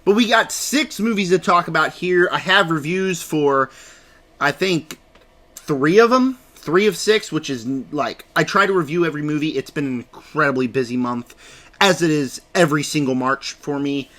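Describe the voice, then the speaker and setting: A man's voice: a little high, normal speed, fairly bright tone. A man talking through a casual film review at his desk, emphatic and ranting, repeating words for stress. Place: home desk.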